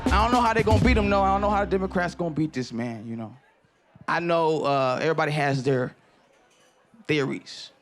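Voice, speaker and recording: A male stand-up comedian with a loud, emphatic delivery that rises to shouted punchlines. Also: a little high, fairly quick, faint music behind. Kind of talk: stand-up set.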